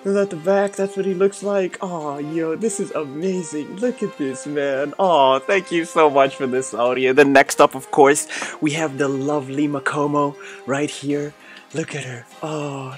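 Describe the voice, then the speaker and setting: A man's voice: on the high side, steady tone, a little slow. A man hosting an unboxing vlog, gushing and effusive, tacking "man" onto his lines. When he gets thrilled he stammers and repeats himself. Faint music plays behind him. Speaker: unboxing channel host.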